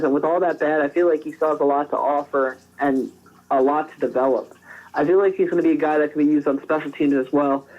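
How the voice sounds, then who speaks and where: A man's voice: on the high side, darkish tone, highs cut off. A man co-hosting a sports podcast, giving casual scouting analysis with frequent restarts. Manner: conversational, frequent restarts and fillers. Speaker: podcast co-host.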